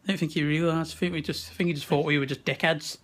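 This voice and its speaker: A young man with a slightly high voice talks straight into a handheld camera. He chats casually, laughs easily and swears freely. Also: fairly even intonation, fast talker, a bit bright, a little hiss or hum. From West Midlands, England. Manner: chatty, laughing, swears often. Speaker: vlogger. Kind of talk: casual chat. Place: wrestling event venue. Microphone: handheld camera at arm's length.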